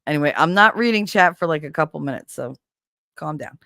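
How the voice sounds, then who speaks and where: A woman's voice: sits low, animated, normal speed, bright, forceful tone, no echo, studio quality. A woman hosting a casual stream, telling stories playfully and acting out quoted voices. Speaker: streamer host. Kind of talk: casual chat.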